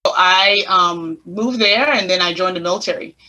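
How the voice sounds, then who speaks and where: A middle-aged woman from the U.S. Virgin Islands with a Caribbean accent, telling her story as an interview guest in an animated way. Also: fairly low pitch, normal speed, highs cut off. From St. Thomas, U.S. Virgin Islands. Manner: animated storyteller acting out quoted questions. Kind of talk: conversational interview.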